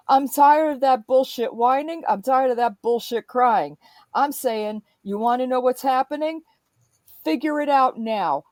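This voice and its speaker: Lady going off on a sweary political rant, kinda high voice, dry close sound. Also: dry recording. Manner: profane, emphatic, fired-up.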